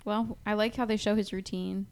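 A playful woman co-hosting a casual podcast, talking at an easygoing middle pitch. Her chat is relaxed and friendly, and she laughs often with her co-host. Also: moderate pace.

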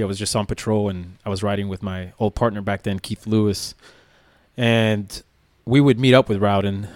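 A man's voice: lowish voice, no room sound. A man, a former police officer, recounting a story casually with lots of fillers. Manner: relaxed, rambling with many fillers.

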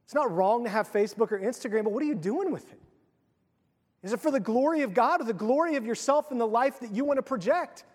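A male pastor preaching a casual, animated sermon and acting out quotes. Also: extremely high pitch, quick pace, breathy edge, in a large hall.

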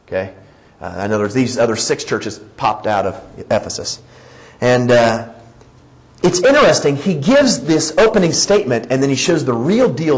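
A man's voice: mid-range voice, poor audio. A man preaching a sermon, acting out quoted dialogue and chuckling as he goes. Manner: animated, acts out quoted dialogue, chuckles often. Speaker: pastor.

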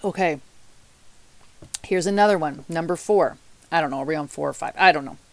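A woman's voice: sits low, brisk, no room sound. A woman life coach giving motivational podcast talk, chatty and candid, speaking straight to her listeners.

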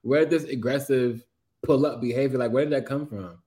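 A man's voice: medium pitch, steady tone, a little fast, warm tone. A man co-hosting a casual podcast chat, slangy and questioning, steering the discussion. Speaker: co-host.

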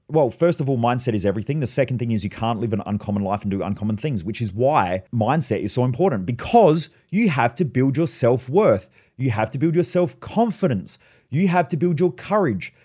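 A man hosting a podcast delivers a blunt motivational monologue packed with swearing and personal stories. His voice is medium-pitched with a darkish tone.

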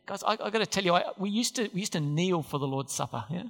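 High-voiced emphatic male preacher. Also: fast, few pauses, in a large hall. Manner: emphatic preaching with repeated phrases. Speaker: pastor. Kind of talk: sermon. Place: church.

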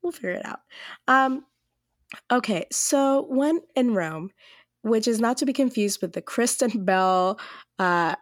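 A woman's voice: on the high side, lively intonation, unhurried, no room sound, studio quality. A young woman co-hosting a casual podcast, teasing her co-host playfully and laughing often.

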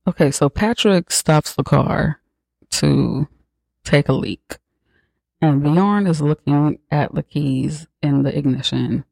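A man's voice: on the high side, slow pace, creaky, a little mellow, no echo. A man hosting a podcast, retelling a film in a casual, profane, sarcastic way. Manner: profane, sarcastic, slangy storytelling. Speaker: podcast host recapping a film. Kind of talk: casual movie recap.

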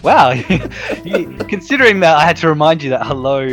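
A man's voice: a little high, sing-song, moderate pace, fairly bright tone, soft background music. A young man chatting casually and teasingly, with lots of "like" and "um". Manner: chatty, teasing, filler-heavy. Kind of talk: casual chat.

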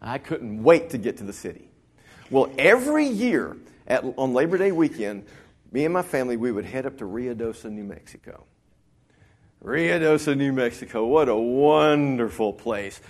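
A middle-aged pastor preaches with a folksy, storytelling manner, often slipping into other people's voices. His colors a mid-pitched voice that rises and falls as he tells his stories. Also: big pitch swings, normal speed. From Texas Panhandle. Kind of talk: sermon.

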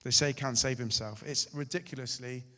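A man's voice: medium pitch, brisk. Man preaching in a reverberant hall. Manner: dramatic, shifting loud and soft. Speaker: pastor. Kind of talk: sermon.

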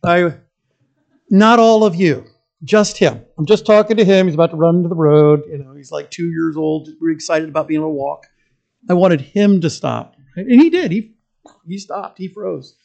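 A male pastor giving a sermon in a church. He is emphatic and conversational, moving between strong stresses, quiet asides and humorous stories. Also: fairly high pitch, normal speed, vocal fry, highs cut off.

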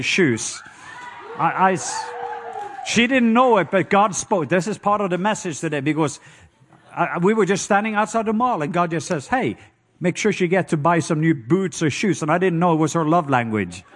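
A middle-aged man with a Norwegian accent preaching a sermon, telling stories with lively call-and-response and acting out sounds with loud hoots and croaks. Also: sits high, a little hiss or hum. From Norway. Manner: animated storytelling with call-and-response.

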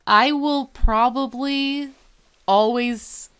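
A woman's voice: high voice, drawn-out words, clear, resonant tone. Enthusiastic woman co-hosting a chatty podcast. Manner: enthusiastic, lively retelling with many "like"s. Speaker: podcast co-host. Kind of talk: casual podcast chat recapping a TV episode.

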